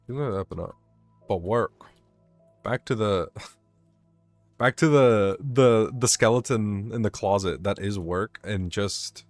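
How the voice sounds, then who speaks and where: A man's voice: on the low side, dry recording. A young man rambling and swearing as he vents about work over his gameplay commentary. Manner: rambling, swearing, venting, self-mocking. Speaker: gaming vlogger.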